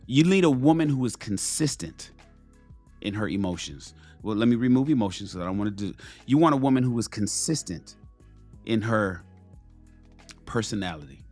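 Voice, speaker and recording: A man's voice: lowish voice, lively intonation, normal speed, a little mellow, faint music behind. A man hosting a talk show, giving blunt, profane dating advice to other men and repeating key phrases for stress.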